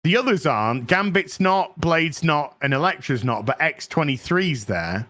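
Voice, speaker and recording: A man hosting a podcast, excitedly retelling a film plot in casual chat, swearing freely and using lots of fillers. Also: on the high side, moderate pace. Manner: excited, profane storytelling with many fillers. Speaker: podcast host. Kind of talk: casual movie recap chat.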